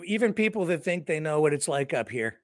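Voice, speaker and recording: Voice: mid-range voice, sing-song, fairly quick, no room sound, clean studio sound. A co-host of a livestream news show, rambling through joking satirical commentary with mock outrage and lots of fillers. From Canada.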